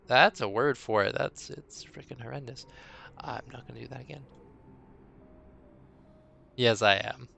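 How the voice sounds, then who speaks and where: Man, live-stream dungeon master, unhurried gravelly voice, lively up-and-down pitch, rambling chatter. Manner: rambling, talks to himself between pauses.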